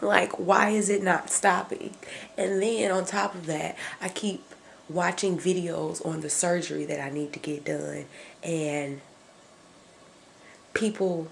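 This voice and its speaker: A young woman talks straight to her camera in a candid, ranting vlog, swearing freely as she vents. Her voice has a gravelly, creaky edge, with a faint hiss of noise behind her. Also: fairly low pitch, steady tone, takes it slowly. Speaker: vlogger. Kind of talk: casual vlog rant.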